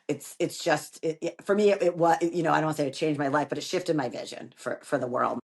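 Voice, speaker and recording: A woman's voice: low voice, fast, gravelly, breathy edge. A woman who owns a yoga studio, talking casually and animatedly, acting out quotes as she tells stories. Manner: animated storyteller, acts out quoted voices. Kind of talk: casual conversation.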